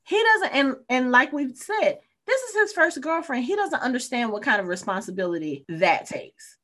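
A woman with a somewhat higher-pitched voice talks in an easygoing podcast chat about a TV series. She is animated and opinionated, and often drops into character voices to make her point. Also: moderate pace. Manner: animated, acts out characters' lines. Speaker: podcast co-host. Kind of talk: casual discussion of a TV show.

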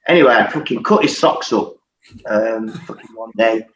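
A man's voice: on the low side, moderate pace. A middle-aged man, a former footballer, telling stories in casual chat, swearing often and laughing as he goes. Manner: sweary, laughing, animated storyteller. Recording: echoey, distant, dull audio with faint noise.

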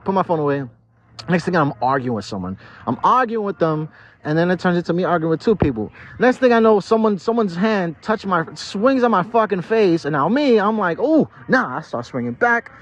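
High-voiced and expressive, a tipsy man hosting a podcast in a city park talks briskly through a rambling, profane monologue, stammering and restarting often. The outdoor recording is dull and lo-fi.

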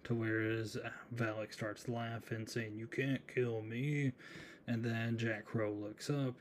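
A man's voice: fairly low pitch, darkish tone, a little hiss or hum. A man hosting a solo horror movie podcast, casually retelling a film's plot with chatty asides. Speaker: podcast host.

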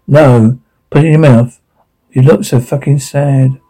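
Man doing a menacing captor guard, dark audio drama, mocking, rage-prone, dark husky tone. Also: mid-range voice, fairly even intonation, measured pace, natural voice, rough recording. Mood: leering. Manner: taunting, mocking, veers into rage. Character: menacing obsessive male security guard captor.

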